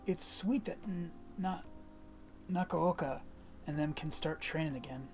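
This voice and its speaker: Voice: mid-range voice, unhurried, a little mellow, soft background music, close to an everyday voice. A streamer putting on a brash teenage boy. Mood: grumbling. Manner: blunt slangy talk, mild cursing. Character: brash teenage boy, hot-headed ex-athlete. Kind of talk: fan voicing of game dialogue on stream.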